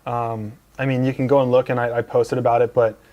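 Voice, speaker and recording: A man's voice: medium pitch, little pitch movement, brisk, dark tone, muffled recording. A man as a guest on a casual interview show, telling a rambling anecdote full of fillers and restarts, in a lounge. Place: dealership lounge couch.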